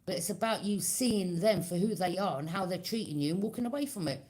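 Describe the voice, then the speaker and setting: A tarot reader speaks to her viewers at medium pitch, briskly and with a darkish tone. Her reading is loose and conversational, often checking in with "okay?" and acting out quoted reactions in her own voice.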